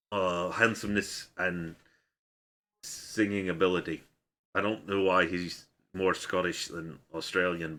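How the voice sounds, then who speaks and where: A man's voice: low-pitched, sharp tone. A male streamer chatting casually on a live stream, full of rambling, self-mocking asides.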